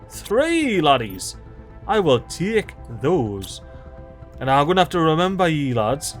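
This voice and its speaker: Male gamer, chatty and excitable, high bouncy voice, light cussing, soft music under him. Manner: excitable, chatty, swears casually. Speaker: gaming channel host. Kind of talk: let's play commentary.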